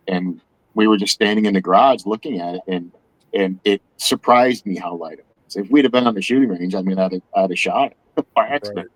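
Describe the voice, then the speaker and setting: Guest, man, low and dry voice, stumbling self-deprecating storyteller. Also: dry recording, poor audio. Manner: self-deprecating, halting with repeated words. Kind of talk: casual chat.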